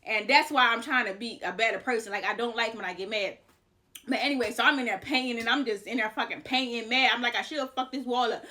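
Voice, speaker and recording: A woman's voice: a little high, quick pace, pushed and bright. A young woman vlogger telling a personal story in a candid, profane, repetitive way. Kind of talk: casual storytime vlog.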